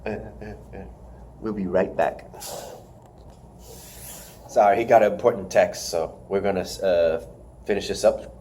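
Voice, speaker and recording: A young man casually recapping wrestling on a podcast, excitable and laughing often, sometimes squealing to mimic wrestlers. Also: low voice, unhurried, pauses often, a little hiss or hum. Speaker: podcast co-host reviewing wrestling.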